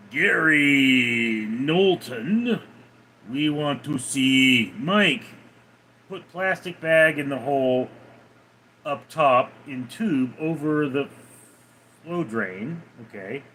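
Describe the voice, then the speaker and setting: A man's voice: fairly high pitch, fairly bright tone, slight background noise, poor audio. A man hosting a casual livestream, laid-back as he answers viewers' chat messages one by one. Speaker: livestream host reading chat.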